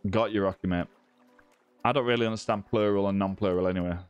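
A man's voice: lowish voice, steady tone, fast, clear, resonant tone, no echo, highs cut off, soft background music. A man hosting a live gaming stream, chatting casually with viewers and greeting them by name. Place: indoor room with ring light.

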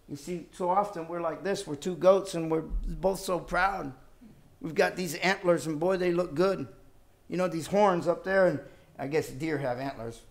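Man, preacher, high-pitched voice, emphatic sermon delivery, rhetorical questions, loud-to-soft swings.

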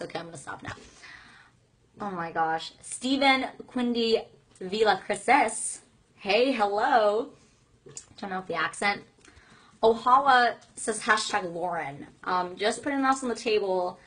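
Bubbly young woman with a bright, breathy voice. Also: medium pitch, unhurried. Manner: bubbly, giggly, gushing, lots of "like" fillers. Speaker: live stream host reading fan comments. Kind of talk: casual live chat.

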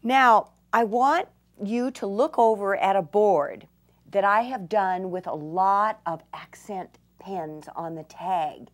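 A woman's voice: mid-range voice, takes it slowly. An older woman demonstrating a craft technique, gushing with enthusiasm and dropping to delighted whispers. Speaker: craft instructor.

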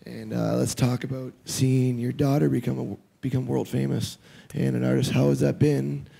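Gravelly, dark-voiced male interviewer. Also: mid-range voice, flat delivery, moderate pace. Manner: casual, swears freely, friendly. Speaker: interviewer, session moderator. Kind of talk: onstage interview, casual chat.

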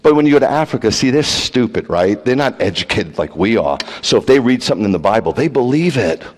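A man preaching as a rabbi, blunt and animated, peppering the congregation with rhetorical questions and teasing jabs. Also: mid-range voice, fast. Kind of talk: livestreamed sermon. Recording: long hall reverb.

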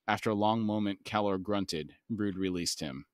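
A man's voice: fairly low pitch, normal speed, hardly any pauses, no echo. Man reading fantasy passages, dry sound. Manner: reads text aloud, then chats casually with laughs. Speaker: podcast co-host. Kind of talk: book discussion podcast, reading passages aloud.

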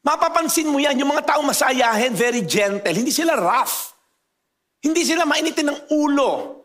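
A Filipino man preaching to his congregation in a very high voice. He jokes with the crowd between points, then slows right down to drive a phrase home. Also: lively intonation, a bit bright. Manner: mixes English and Tagalog, playful asides to the congregation; slows down to stress key phrases. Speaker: pastor. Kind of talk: sermon.

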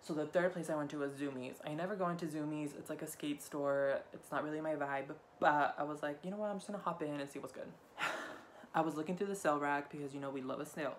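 A man's voice: on the high side, steady tone, fast, a little hiss or hum. A young man hosting a casual shopping haul vlog while tipsy, talking in a campy, profane and rambling way. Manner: rambling, offhand delivery. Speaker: haul vlogger.

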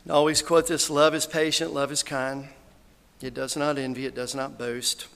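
A man preaches a funeral sermon in an earnest, folksy way. His voice is gravelly with a bright, forceful edge. It rings out with the long reverb of a church hall. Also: medium pitch, little pitch movement, normal speed. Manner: earnest, folksy, quotes scripture and others with rising emotion. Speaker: minister giving a funeral eulogy. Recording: hall reverb, faint background noise.

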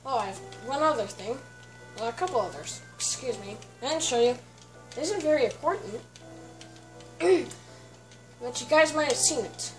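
A woman giving casual, chatty commentary while touring her game world, often stopping to clear her throat. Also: high-pitched, expressive, normal speed, long pauses. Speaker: let's play host. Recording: distant mic with faint background music.

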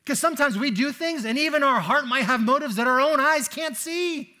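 A man delivers a sermon in a church in a relaxed, conversational style. His voice sits very high and sounds bright and forceful, and he keeps slipping into stories and casual fillers. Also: a little fast. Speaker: pastor. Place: church sanctuary.

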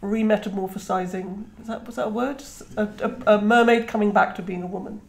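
Steady in tone but quick in pace, this medium-pitched voice has a creaky edge. The woman, a guest author in her fifties from Trinidad who speaks British English, reflects in a conversational interview, full of restarts and "you know." The recording carries a roomy echo.

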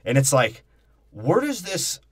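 A man co-hosting a podcast, chatting casually about a movie, animated and profane, laughing often. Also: fairly high pitch, slow. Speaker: podcast co-host.

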